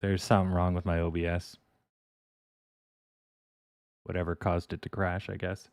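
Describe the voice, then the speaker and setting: A man's voice: deep voice, little pitch movement, normal speed, a little mellow, clean tone, no room sound, clean studio sound. A man hosting a casual stock trading livestream, rambling, chuckling and swearing offhand.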